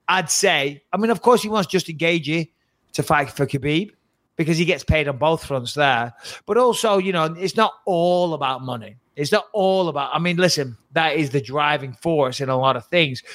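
A man co-hosting a podcast in casual banter, swearing freely and joking around. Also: a little high. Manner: profane, joking, lively. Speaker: podcast co-host.

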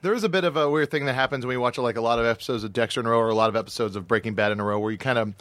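Man, podcast co-host, mid pitch, quick quips, laughs easily, dry sound. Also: a bit bright, no echo. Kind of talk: casual comedic podcast chat.

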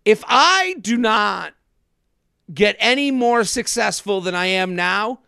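A man in his thirties hosting a podcast, telling a comedic story in an animated way and acting out other people's lines. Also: sits high, slow pace, vocal fry, smooth, no room sound, clean studio sound. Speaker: podcast host. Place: studio.

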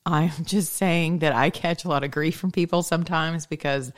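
A woman's voice: low-pitched, steady tone, moderate pace. A woman giving a rambling, chatty faith talk, laughing often. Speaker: faith vlogger.

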